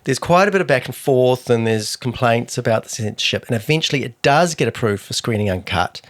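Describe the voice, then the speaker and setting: A middle-aged man tells a story on a podcast, his pitch rising and falling animatedly. He slips in dry, wry asides between the facts. The sound is close and dry, with no room behind him. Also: expressive, a little fast, fairly bright tone, dry recording. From New Zealand. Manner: wry, reads quotes aloud with dry asides. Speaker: podcast co-host.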